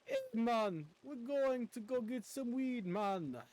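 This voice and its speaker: A mellow stoner dude in a put-on island accent, as a streamer puts him on, singing his words high and loose. He drawls lazily with a lot of bounce in his voice. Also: sing-song, unhurried. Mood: mellow teasing.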